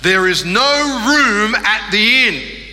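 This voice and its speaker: A man's voice: sits high, lively intonation, takes it slowly, pushed and bright, big-room sound, voice pushed up, heavily acted. A man voicing a clumsy young boy earnestly reciting his one line in a school play. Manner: earnest, rehearsed line delivery.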